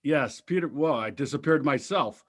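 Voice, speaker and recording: A man's voice: on the high side, lively intonation, normal speed, fairly bright tone, slight background noise. A man co-hosting a markets talk show, chatting casually in a blunt, profane, joking way.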